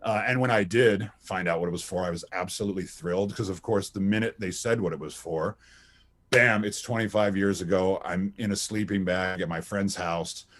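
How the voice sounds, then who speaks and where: A man in his thirties with a slightly low voice, chatting in an interview. He tells stories with energy, laughs often, and restarts his sentences as he goes. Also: moderate pace. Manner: animated, anecdotal, laughs often, many restarts. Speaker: voice actor guest. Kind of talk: casual interview chat.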